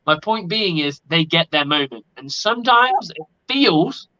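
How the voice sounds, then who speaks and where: A man's voice: a little high, animated, unhurried, sharp tone. A man talking casually on a sports podcast, blunt and opinionated and swearing freely. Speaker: podcast co-host. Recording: lo-fi audio.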